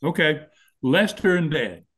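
A man spins long tales in a relaxed chat, often breaking into laughter. He throws himself into the voices of the people in his stories. His voice sits a little high for a man. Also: a little slow, breathy edge. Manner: laughing animated storyteller, acts out voices. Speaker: guest wrestling storyteller. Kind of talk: casual storytelling chat.

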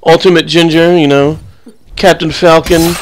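A man's voice: on the high side, flat delivery, normal speed, slight background noise. A young man giving casual, rambling commentary over his own gameplay, full of crude jokes and banter. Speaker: gaming channel host.

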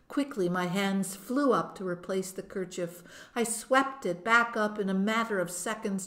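A woman narrates a first-person novel as an audiobook. Her reading is slow and measured, with an expressive touch. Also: medium pitch.

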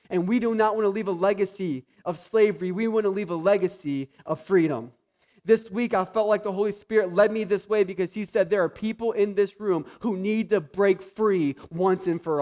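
A male pastor preaching a sermon, acting out the characters' lines in the story and building to loud, drawn-out emphatic peaks. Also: high voice. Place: church sanctuary.

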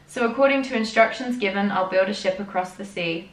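A woman's voice: mid-range voice, brisk, few pauses. A woman co-hosting a podcast in casual chat, reading journal entries aloud and laughing often between them. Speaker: podcast co-host. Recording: roomy, distant mic.

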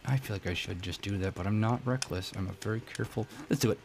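A young man hosting a let's-play, commenting on the game in a goofy, self-mocking way with sudden loud outbursts. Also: lowish voice, quick pace, creaky, background noise. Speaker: gaming let's-play host. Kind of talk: casual gameplay commentary.

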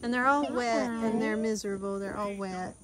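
A Southern American woman filming herself outdoors, sweet-talking animals in a soft, cooing baby-talk voice. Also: a little high, steady tone, normal speed, crowd noise. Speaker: vlogger and mother on a family farm. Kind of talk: casual vlog, coaxing animals. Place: outdoors on a rural roadside.

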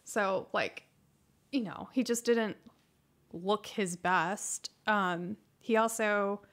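A woman in her thirties who answers livestream chat questions in a casual, soft-spoken way, hesitating and restarting often. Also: medium pitch.

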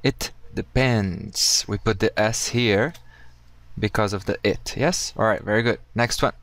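A man teaching English in a casual video lesson, upbeat and friendly, slowing down to model each correct phrase. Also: lowish voice, fairly bright tone, dry recording.

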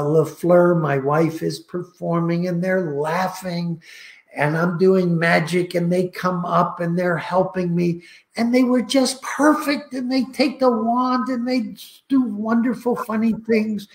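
An older man slowly telling heartfelt stories about his work, recorded on a video call. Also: sits high, fairly even intonation, reverberant. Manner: slow, heartfelt, emotional anecdotes. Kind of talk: casual storytelling.

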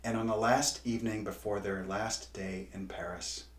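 A man's voice: fairly low pitch, fairly even intonation, moderate pace. A man who writes and illustrates children's books, reading a story aloud and then leading a drawing lesson with encouraging teacher talk. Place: home art studio. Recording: roomy studio.

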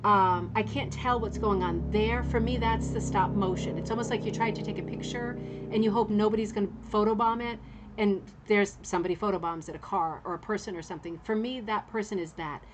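A woman's voice: medium pitch, fairly even intonation, brisk, music in the background. Chatty woman musing over artworks. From Canada. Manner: chatty and musing, thinks aloud, reads viewer comments. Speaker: host of a rug hooking club show. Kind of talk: casual live-stream art commentary.

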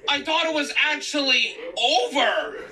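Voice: high voice, lively intonation, a little slow, sharp tone, distant mic, a little hiss or hum, rough recording. A gamer reacting to a horror game, swearing, gasping and shrieking at each jump scare. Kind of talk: screaming game reaction commentary.

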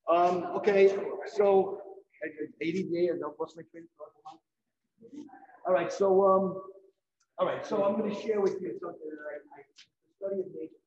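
A middle-aged man giving a live painting demonstration, telling lively anecdotes and acting out what others said. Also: sits high, moderate pace, echoey room, highs cut off. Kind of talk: storytelling during a live demonstration. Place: event hall.

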